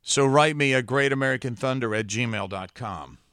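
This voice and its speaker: A middle-aged man hosting a solo podcast in a trained broadcaster's voice, speaking earnestly and with long dramatic pauses. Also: mid-range voice, fairly bright tone, no echo, clean studio sound. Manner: slow deliberate delivery with dramatic pauses; earnest, heartfelt. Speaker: podcast host.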